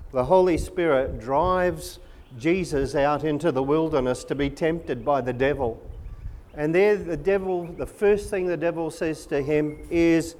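A man preaching a sermon in an earnest, measured and emphatic way. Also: on the high side, darkish tone.

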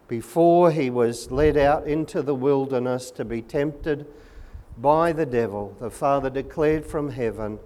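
A man preaching a sermon in an earnest, measured and emphatic way. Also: mid-range voice, a little mellow.

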